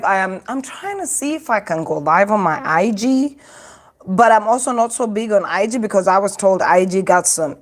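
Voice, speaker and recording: A woman from Uganda hosting a casual live stream from her phone, chatting to viewers and laughing often. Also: medium pitch. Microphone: phone microphone.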